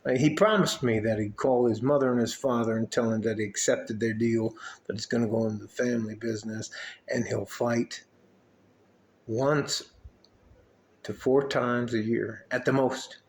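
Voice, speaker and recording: An older man speaks straight to the camera at a middle pitch, wandering from point to point with plenty of swearing and a fatherly tone. The room around him is echoey, so his voice bounces back audibly. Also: steady tone, normal speed, slight background noise. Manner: rambling, profane, fatherly. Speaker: mentor and coach to young men. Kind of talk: casual vlog talk to camera. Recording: roomy echo.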